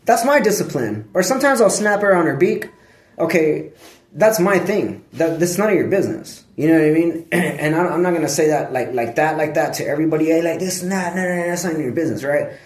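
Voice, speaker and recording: A man's voice: on the high side, lively intonation, fairly quick. A man talking in a loose, rambling vlog monologue, slangy and profane, sometimes breaking off to scold his dog. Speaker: vlogger. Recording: echoey room.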